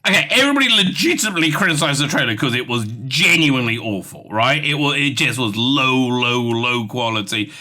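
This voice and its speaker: A man's voice: mid-range voice, lively intonation, brisk, few pauses, bright, forceful tone. A man hosting a ranting news commentary, reading articles aloud with scorn and exasperation and stumbling over the text. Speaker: commentary channel host.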